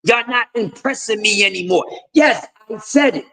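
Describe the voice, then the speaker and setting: Male stream host, very high-pitched, profane lecturing rant. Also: expressive, normal speed, sharp tone, rough recording. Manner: profane, confrontational, lecturing with repeated refrains. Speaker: host of a boxing talk stream. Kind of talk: ranting commentary.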